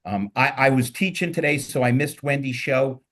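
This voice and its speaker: Rambling joking Philly host. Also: male voice, mid-range voice, expressive, moderate pace, a bit bright. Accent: Philadelphia. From Philadelphia. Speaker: podcast host. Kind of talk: casual panel talk.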